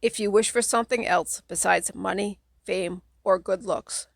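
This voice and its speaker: Casting: woman audiobook narrator, steady and plain, with a raspy creak. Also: medium pitch, moderate pace, dry recording, clean studio sound. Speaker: audiobook reader.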